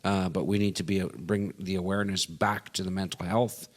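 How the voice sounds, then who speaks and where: A Canadian man with a fairly low voice talks through a casual discussion, agreeable and quick to affirm his co-host, often stumbling and restarting. The room adds a long, trailing reverb. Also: fairly even intonation. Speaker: podcast co-host.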